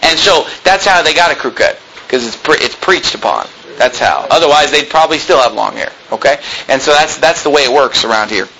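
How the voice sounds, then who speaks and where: A man preaching a sermon to his congregation, plain-spoken and emphatic. He drives his points home with rhetorical questions. His voice sits a bit high and comes across tense and forceful, with a faint hiss behind it. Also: expressive, brisk, rough recording. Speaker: pastor.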